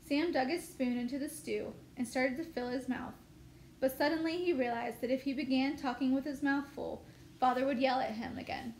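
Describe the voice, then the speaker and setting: High-voiced woman reading a story aloud. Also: moderate pace. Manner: steady, expressive storytelling. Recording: echoey room, faint noise.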